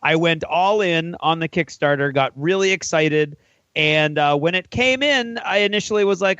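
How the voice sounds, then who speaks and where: A man's voice: high-pitched, normal speed, fairly bright tone, clean tone, no room sound. Friendly man, dry lo-fi sound. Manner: friendly, conversational. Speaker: podcast co-host. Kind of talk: casual chat. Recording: dull lo-fi sound.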